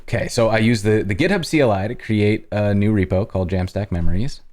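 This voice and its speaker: A man hosting a live-coding stream, casually talking through each step as he works, with halting restarts. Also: fairly low pitch, darkish tone.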